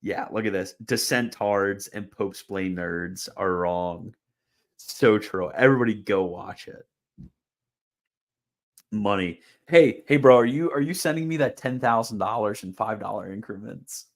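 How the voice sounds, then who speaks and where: A man's voice: lowish voice, measured pace. A young man hosting a live stream, chatting casually and answering viewers' questions, rambling with fillers and laughing at comments. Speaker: livestream host answering chat.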